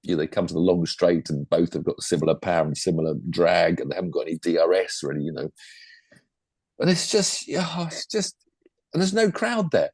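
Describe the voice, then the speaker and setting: A man's voice: deep voice, sing-song, a little fast, a little mellow, slightly rough, no room sound. An older man with a chatty, rambling manner, talking casually about motorsport as a podcast co-host. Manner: chatty, rambling, full of asides. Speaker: podcast co-host and former racing driver.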